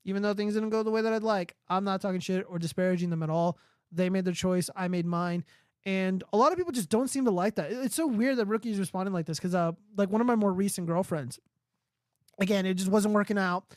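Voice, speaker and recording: A man's voice: high voice, fast talker, no room sound, clean studio sound. A man hosting a livestream, ranting casually and profanely while answering chat. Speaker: livestream host.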